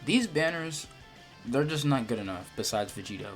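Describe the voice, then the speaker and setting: A young man talks through his opinions on a game in an unscripted, rambling way, often repeating words and trailing into ums. His pitch sits in an ordinary middle range for a man. Faint guitar music plays quietly underneath. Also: lively intonation, normal speed. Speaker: gacha game video creator. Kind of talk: unedited casual game commentary.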